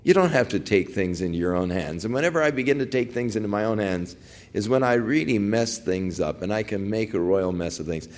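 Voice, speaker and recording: A man's voice: on the low side, a little fast, a little mellow. A man teaching through a Bible passage as a pastor, talking conversationally with digressive asides.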